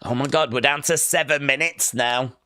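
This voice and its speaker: A man's voice: mid-range voice, fairly even intonation, moderate pace, pushed and bright, dry recording. A man hosting a casual live watch-along stream, chatting loosely and reading viewer comments aloud.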